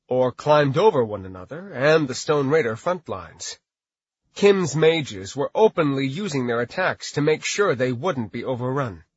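A man's voice: on the high side, slightly rough, no room sound. A man narrating a fantasy story as an audiobook reader, on a slightly dull recording. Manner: steady storytelling.

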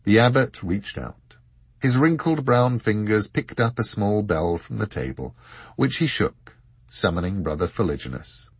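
A man narrating an audiobook with a low, husky voice and a slow, expressive, lively delivery. The recording is close and dry, with no room sound. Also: dry recording. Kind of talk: scripted narration.

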